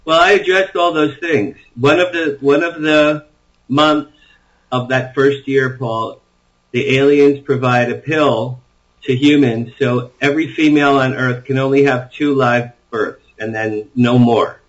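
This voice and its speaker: A man's voice: medium pitch, steady tone, a little slow, muffled recording. A man being interviewed as an author, talking eagerly and at length, often restarting his sentences. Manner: enthusiastic, rambling storyteller with frequent restarts. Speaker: author guest. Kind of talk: interview conversation.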